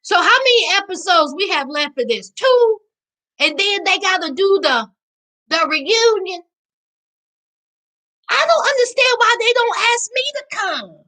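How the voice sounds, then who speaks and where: A woman with a Southern US accent hosts a casual live recap, answering chat in a sassy, animated way. Her voice sits very high. It sounds bright and forceful. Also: measured pace, pauses often, rough recording. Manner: sassy, animated, calls viewers child and honey. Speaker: livestream host reading chat.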